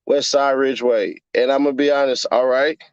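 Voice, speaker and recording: Fairly quick and smooth, a medium-pitched man from Chicago in his 30s rants through a casual livestream he hosts. He cracks profane jokes and does mocking voices, captured on a dry recording with the highs cut off.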